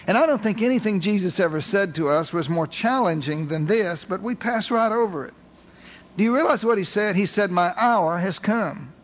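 High-voiced guy preaching a sermon, earnest, keeps asking the crowd questions. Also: expressive, fairly quick. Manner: earnest, asks the listeners questions.

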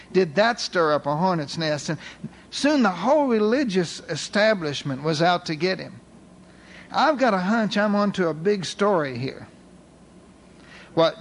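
A man voicing an eager, curious male newspaper reporter who talks in a folksy, excited way, wondering aloud. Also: high-pitched.

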